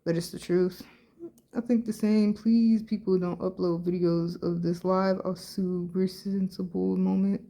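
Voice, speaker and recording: A woman's voice: fairly low pitch, level tone, a little slow, creaky, warm tone. A woman vlogging casually as she reads social media posts aloud and reacts bluntly, with plenty of slang and swearing. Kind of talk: casual reaction vlog, reading comments aloud.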